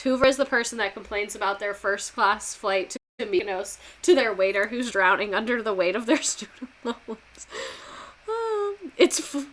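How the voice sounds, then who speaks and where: A woman's voice: on the high side, moderate pace, a bit bright. A woman, a former teacher, gives a casual and sarcastic history lesson full of swearing and laughing asides.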